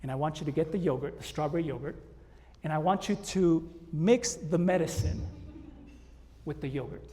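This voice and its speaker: A man voicing a calm, patient wife. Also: on the high side, normal speed, lightly acted. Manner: soft, even and matter-of-fact. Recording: long hall reverb.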